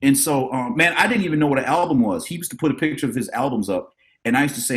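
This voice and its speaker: A middle-aged man, a drummer and educator, telling animated stories about his mentors as a podcast guest and acting out the voices of the people he quotes. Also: medium pitch, quick pace. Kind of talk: casual storytelling interview.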